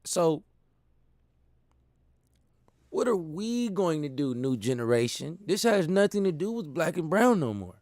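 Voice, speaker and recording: A man telling stories in a casual monologue, animated and laughing, using slang. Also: a little high, unhurried, pauses often, no echo, clean studio sound. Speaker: host.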